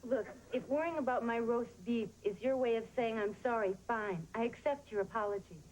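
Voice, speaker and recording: A woman's voice: fairly high pitch, brisk, darkish tone, a little hiss or hum, close to an everyday voice, low-quality recording. An actress playing a young woman patient who speaks bluntly and candidly. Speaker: actor. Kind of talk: sitcom drama acting.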